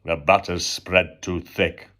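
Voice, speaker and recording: A man voicing a gruff, laconic carpenter in a terse, low, flat-sounding delivery. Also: slow pace, heavily acted.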